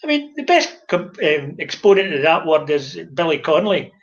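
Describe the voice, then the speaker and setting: An older Scottish man, a former publican, telling lively stories in casual chat and acting out the dialogue. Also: on the high side, normal speed, lo-fi sound. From Scotland. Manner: animated anecdotal storyteller, acts out dialogue.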